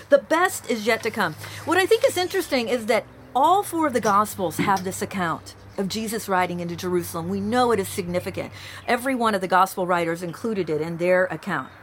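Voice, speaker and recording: A woman pastor giving a conversational sermon, telling stories in an animated way to a remote congregation. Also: mid-range voice, slight background noise. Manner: warm conversational preaching, animated storytelling. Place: church, recorded outside usual sanctuary.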